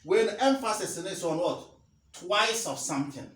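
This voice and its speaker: A man teaching a math lesson, slowly repeating key phrases for emphasis. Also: high voice, expressive, a bit bright, recorded from a distance. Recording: roomy echo, faint ambience.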